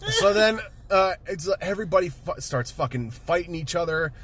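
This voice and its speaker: A man casually retelling a movie with excitement, swearing freely and laughing often. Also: on the high side, brisk, slight background noise. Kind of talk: casual chat, movie recap.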